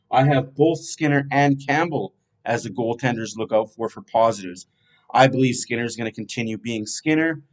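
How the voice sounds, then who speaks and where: Man casually previewing a hockey schedule. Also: medium pitch. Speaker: fan podcast host.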